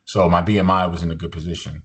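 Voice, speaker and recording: A man in his forties, a podcast guest, telling his story in a relaxed, joking way, full of "you know" and easy fillers. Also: low-pitched, quick pace, slightly rough. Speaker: podcast guest, musician and motivational speaker. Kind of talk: casual storytelling interview.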